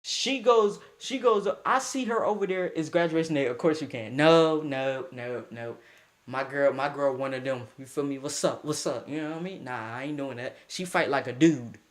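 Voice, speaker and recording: A young man casually telling a story, animated, slangy and breaking into laughing asides. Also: medium pitch, moderate pace.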